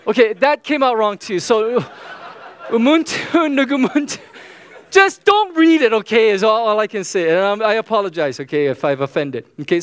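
A man's voice: high voice, clear, resonant tone. A man preaching a sermon as pastor, casual and joking, with frequent "okay?" asides. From United States.

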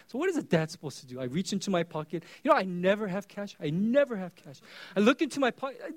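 A male pastor preaching a sermon in a conversational storytelling way, swinging between loud bursts and hushed asides. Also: sits high, animated, a little fast.

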